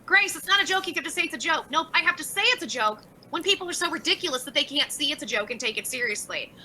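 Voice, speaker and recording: A woman's voice: high voice, lively intonation, quick pace, bright, forceful tone, slight background noise, poor audio. A woman livestreaming and reading out chat messages, talking bluntly with lots of swearing and exasperation.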